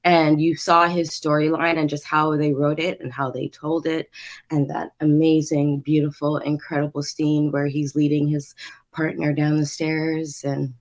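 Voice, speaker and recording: A woman's voice: low voice, measured pace. A woman co-hosting a show review podcast from her apartment, chatting casually and laughing often. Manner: animated, laughs often, restarts sentences. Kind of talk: casual chat. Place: studio apartment.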